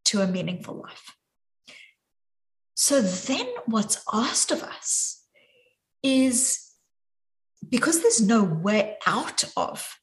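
A woman psychologist speaking as a guest in a podcast interview, thoughtful and emphatic, slowing down on her key points. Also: mid-range voice, rough recording.

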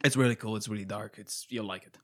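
A man's voice: fairly low pitch, fairly even intonation, fast talker, a bit bright. A man chatting on a casual podcast, rambling through stories and often stopping to search for the right word. He teases his co-host in a joking back-and-forth. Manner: rambling, teasing, searches for words.

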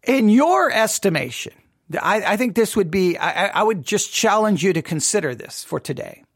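A man hosting a solo Bible teaching show, talking deliberately, repeating key phrases, and restarting sentences often. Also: high voice, sing-song, no room sound, studio quality.

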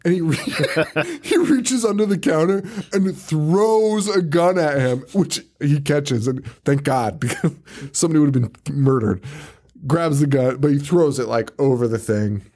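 A man's voice: a little high, expressive, unhurried, a little mellow. A man co-hosting a podcast, casually recapping a movie in a rambling way, swearing freely, laughing often and mimicking characters. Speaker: podcast co-host.

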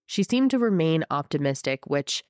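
Her head cold leaves this young true crime host's low, darkish voice congested and scratchy as she talks to camera. She speaks at a moderate pace in a sing-song way, full of indignant energy and emphatic, chatty digressions. Close, dry sound.

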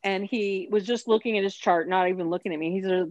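A woman's voice: mid-range voice, quick pace, hardly any pauses, a little mellow, dry recording, dull audio. A woman telling her own story as an interview guest, candid and emotional. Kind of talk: personal storytelling.

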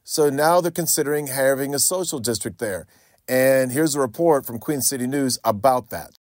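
A man's voice: mid-range voice, normal speed, no echo. Male radio host, middle-aged, from North Carolina; casual opinionated commentary, dry close studio mic. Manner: conversational, repeats himself, opinionated. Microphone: studio microphone.

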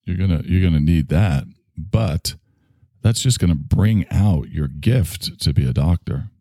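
A man voicing a rambling, low-voiced figure who calls himself messy and imperfect, philosophizing with halting restarts in an improvised comedy bit. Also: expressive, dark tone, no echo, clean studio sound, full character voice.

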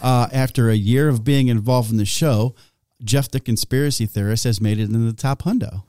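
A man co-hosting a podcast in casual chat, wry and teasing with quick asides. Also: mid-range voice, warm tone, clean tone, no room sound, studio quality. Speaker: podcast co-host.

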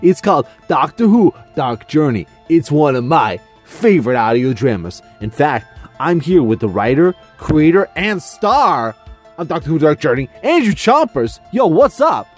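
A man's voice: a little high, very animated, soft background music. A man doing a brash hyped-up radio DJ. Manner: pushy, rapid-fire, over-eager. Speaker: promo DJ character.

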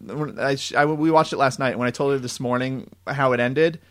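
A man co-hosting a casual movie chat, retelling the plot in an animated way with lots of fillers. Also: mid-range voice, a little fast. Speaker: podcast co-host.

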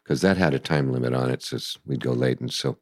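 An older man telling stories in a casual interview, animated and acting out voices and sounds. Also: a bass voice, fast talker, no room sound, clean studio sound. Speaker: guest musician recalling the past.

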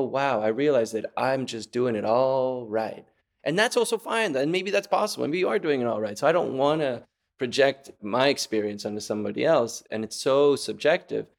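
A man's voice: mid-range voice, gravelly. A man raised in Venezuela, a musician guest in a casual interview, talking in a rambling, reflective way that breaks off mid-thought. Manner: rambling, reflective, self-interrupting, acts out voices with laughs.

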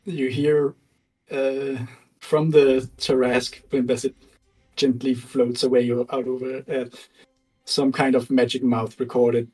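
A man narrating as game master of a tabletop game, animated and laughing often, halting with fillers. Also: mid-range voice, rough recording.

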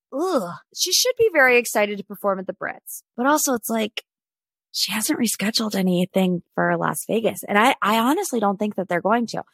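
A woman in her twenties hosts a pop culture podcast, talking through celebrity news in a chatty, opinionated way. Her voice is medium-pitched and a bit bright, with no echo.

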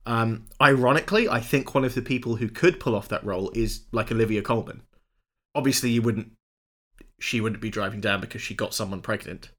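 A man co-hosting a film podcast, chatty and quick to laugh as he explains things at length. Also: fairly low pitch, a bit bright. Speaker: podcast host. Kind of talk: casual film chat.

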